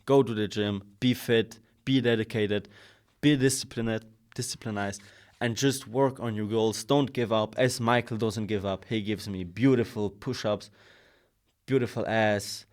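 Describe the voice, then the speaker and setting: A man's voice: on the low side, fairly even intonation, a little slow. A young man co-hosting a casual motivational podcast, speaking in a pushy, defiant way like a coach urging listeners on. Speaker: podcast co-host.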